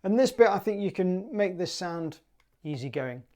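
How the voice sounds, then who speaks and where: A man with a British accent teaching a clarinet piece in a relaxed, chatty way, sometimes singing the rhythms in syllables. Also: high-pitched, fairly quick. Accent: British English. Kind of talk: relaxed music tutorial.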